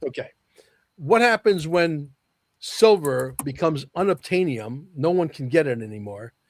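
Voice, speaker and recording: A man's voice: a little high, animated, a little slow. A man as a podcast guest, talking emphatically and repeating key lines for effect. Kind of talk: podcast interview talk.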